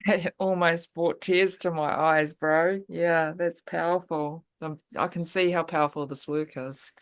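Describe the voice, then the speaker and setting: Kiwi woman host, supportive and affirming, lowish voice. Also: steady tone, a little slow, smooth. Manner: supportive, affirming, laughs easily. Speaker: interview host. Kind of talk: warm interview conversation.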